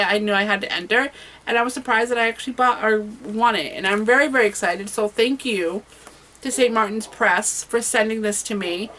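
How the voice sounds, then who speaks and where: A woman's voice: medium pitch, a bit bright, poor audio. Chatty woman vlogging about books. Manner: chatty, enthusiastic, with frequent fillers and self-corrections. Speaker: booktuber. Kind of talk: casual book vlog.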